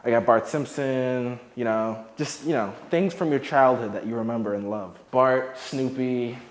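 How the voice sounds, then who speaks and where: Brief: young man with a mid-range voice, relaxed and jokey, loose fillers, giving a home tour indoors. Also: medium pitch, moderate pace. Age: young adult. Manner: chatty, laid-back, jokey, with many "like" fillers. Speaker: formerly homeless youth. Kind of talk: casual home tour talk. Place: his own apartment, indoors.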